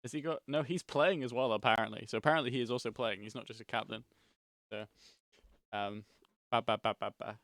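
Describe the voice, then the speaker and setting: A relaxed male co-host chatting casually on an esports stream, often pausing with ums and uhs. His voice sounds dry and close, with no room sound. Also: mid-range voice, no room sound. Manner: relaxed, hesitant with fillers.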